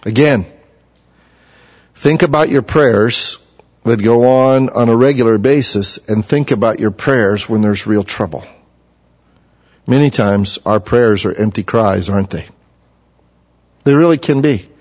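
A man preaching a sermon in an earnest manner, his pitch climbing when he speaks for the figures he quotes. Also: unhurried, pauses often, a little mellow. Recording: muffled sound in a reverberant hall.

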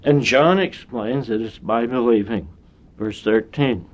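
A man preaching a sermon in a slow, deliberate way, with long pauses between phrases. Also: mid-range voice. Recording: dull lo-fi sound.

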